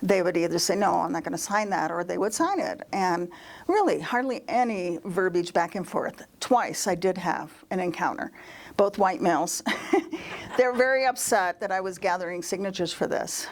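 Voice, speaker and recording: A woman's voice: fairly low pitch, moderate pace. A woman giving a storytelling talk at a church service. She is chatty, laughs often and acts out the voices of the people in her stories. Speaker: guest speaker at a church service.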